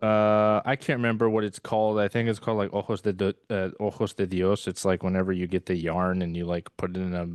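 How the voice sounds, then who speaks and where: A man's voice: sits low, little pitch movement, fairly quick, few pauses, dry recording, clean studio sound. A man co-hosting a podcast, chatting casually in a rambling, hesitant way with frequent laughs and filler words. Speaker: podcast co-host. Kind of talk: casual chat.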